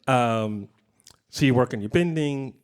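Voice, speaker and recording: A middle-aged man giving a casual guitar clinic in a guitar shop, talking in a relaxed, rambling way with many fillers. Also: medium pitch, unhurried, smooth. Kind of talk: casual teaching talk. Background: guitar playing.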